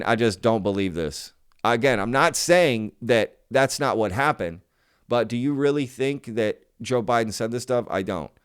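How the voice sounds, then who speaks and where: A man with a clean, medium-pitched voice hosts his own channel, chatting casually with viewers. He's emphatic and skeptical, and he often repeats himself.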